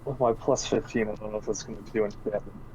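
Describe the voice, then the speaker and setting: A man's voice: lowish voice, fairly even intonation, fast talker, darkish tone, slight background noise, rough recording. A man playing a tabletop game, chatting loosely and swearing casually. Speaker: player.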